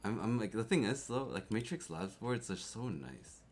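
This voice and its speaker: Young Canadian-born guy, lowish voice, chatty live streamer, excitable, laughs a lot, repeats words. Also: moderate pace, a little hiss or hum. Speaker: keyboard streamer. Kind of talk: casual live-stream chat.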